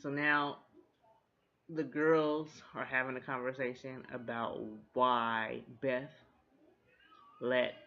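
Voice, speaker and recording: A man giving a casual, animated recap of a TV episode. He talks in a chatty way, swears freely and laughs along with the jokes. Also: mid-range voice, slow, long pauses, dull audio. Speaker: TV recap host.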